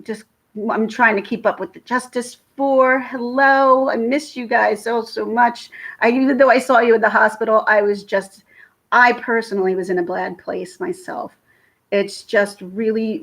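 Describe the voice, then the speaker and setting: A woman's voice: on the high side, fairly bright tone. A woman in her thirties, tearful and emotional, chatting casually with viewers on a live stream. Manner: tearful, emotional, thanking chat by name. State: teary from crying. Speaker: livestream host.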